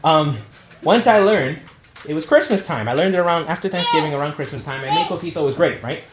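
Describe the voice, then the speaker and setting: A priest with a New York accent giving a talk to young adults, telling jokey stories and acting out quotes. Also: male voice, on the high side, fast talker, echoey room, background noise. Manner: storytelling, jokey, acts out quotes. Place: meeting room.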